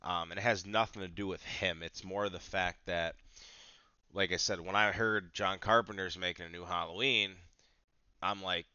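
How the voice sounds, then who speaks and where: Deep bright-toned guy hosting a podcast, cursing a lot, kinda muffled lo-fi audio. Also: moderate pace, clear, resonant tone, no echo. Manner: profane, excitable, hyped. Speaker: podcast host. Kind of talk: casual chat.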